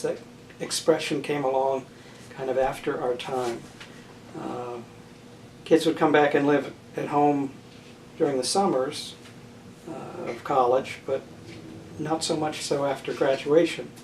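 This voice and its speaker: An older man answers interview questions about family and marriage in a measured, halting way, often pausing and restarting his sentences. He is heard from some distance in a roomy space. A faint background hiss sits under the voice. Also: mid-range voice, a little mellow. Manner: thoughtful, halting, many fillers and restarts. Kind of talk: oral history interview.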